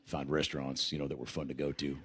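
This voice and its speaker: Very deep-voiced man telling stand-up jokes. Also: little pitch movement, fairly bright tone, slightly rough. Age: 50s. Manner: slow, halting delivery with many "uh"s. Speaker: stand-up comedian. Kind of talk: deadpan stand-up set and interview. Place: comedy club stage.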